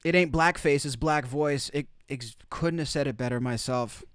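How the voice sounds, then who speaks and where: A man's voice: mid-range voice, normal speed, clear, resonant tone, no room sound, studio quality. A man hosting opinionated live commentary from outside the United States, emphatic and repeating his key phrases. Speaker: commentary streamer.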